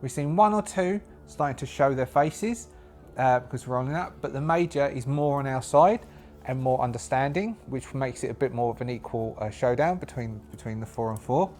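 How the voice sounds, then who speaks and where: A man running a solo tabletop session alone, talking through dice rolls and story as he goes. His voice sits in a middle pitch, and he rambles and thinks aloud with plenty of restarts. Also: moderate pace, a little mellow. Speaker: solo game master and player. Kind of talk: solo tabletop game narration.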